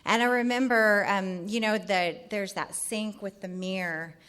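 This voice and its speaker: A middle-aged woman from California telling her recovery story at a meeting in a candid, halting way. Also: mid-range voice, fairly even intonation, fairly bright tone. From California, USA. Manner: candid, halting, lots of fillers.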